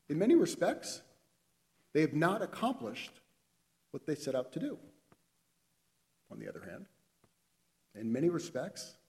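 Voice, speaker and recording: A man giving a sermon, telling a story and acting out the characters' lines with lively expression. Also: a little high. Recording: long hall reverb.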